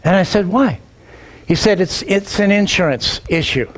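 A middle-aged man, a pastor, telling a personal story in a sermon, animated and acting out the dialogue, often repeating words as he gets going. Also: high voice, normal speed. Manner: animated, acts out quoted dialogue, repeats words when excited.

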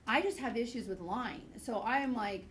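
A woman teacher lectures her class in a chatty, goofy way and drifts into stories along the way. Her voice sits a little high, and faint classroom noise stays under it. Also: moderate pace, echoey room, low-quality recording. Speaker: high school biology teacher.

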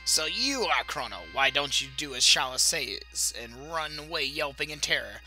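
A man's voice: fairly high pitch, lively intonation, moderate pace, pushed and bright, faint music behind, low-quality recording. A man voicing a haughty, cruel queen for a video game playthrough, with an imperious, scornful delivery.

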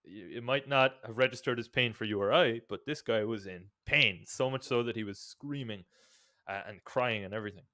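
Bright, crisp man hesitantly telling stories. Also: fairly low pitch, brisk, no room sound, clean studio sound. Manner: hesitant, many ums and restarts, laughs while telling. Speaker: podcast co-host, strength coach. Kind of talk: casual podcast chat.

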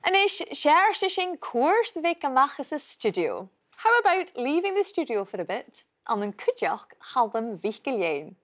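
A woman's voice: sits high, sing-song, normal speed, few pauses, a bit bright. A Scottish woman hosting a language lesson programme, switching between introductions and questions. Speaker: host. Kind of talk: studio presenting.

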